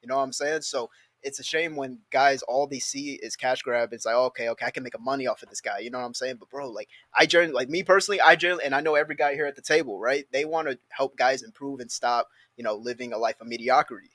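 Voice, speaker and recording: A man's voice: medium pitch, fast talker, sharp tone, no echo. A man in a studio podcast, speaking earnestly in casual talk, often saying "you know what I'm saying".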